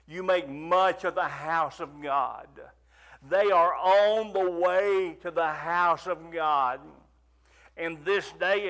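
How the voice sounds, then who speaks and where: A man preaching a fervent sermon, rising to near shouts and pleading prayers. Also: high-pitched.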